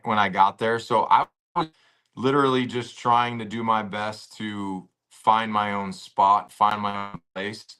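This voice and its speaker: Guest, male: bright forceful tone, animated storyteller, relaxed slangy delivery from home. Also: lowish voice, clean tone. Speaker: podcast guest, former pro football player. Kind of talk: casual interview storytelling. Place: at home with a dog nearby.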